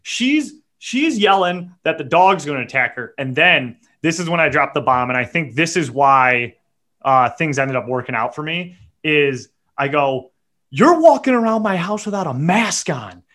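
A man hosting a podcast, telling a story in a profane, animated rant and muttering quick asides. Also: mid-range voice. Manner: animated and profane, voice jumps up when acting out his own yelling. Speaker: podcast host.

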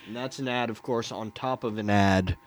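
A man's voice: on the low side, moderate pace. Dry, sarcastic male podcast co-host. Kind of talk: casual comedic podcast chat.

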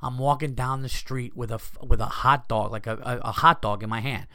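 Comedian host, male, swearing storyteller, dry close mic, mid-pitched voice. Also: brisk, dry recording. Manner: profane, animated, acts out his own outbursts. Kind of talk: casual storytelling monologue.

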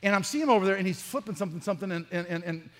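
A man, a pastor, giving a humorous sermon with lively stories, acting out the dialogue. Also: high voice, rapid-fire, big-room sound. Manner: animated, acts out dialogue in the stories. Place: church.

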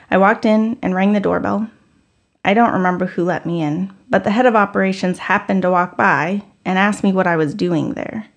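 A woman's voice: medium pitch, gravelly. A woman in her thirties telling a personal story in a candid, conversational, self-deprecating way.

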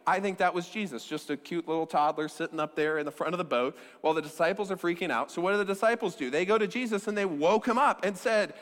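A man's voice: high-pitched, fast talker, hardly any pauses. A man preaching a sermon as pastor, telling stories in a conversational, joking way. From American Midwest. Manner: conversational, joking, animated storytelling. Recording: long hall reverb.

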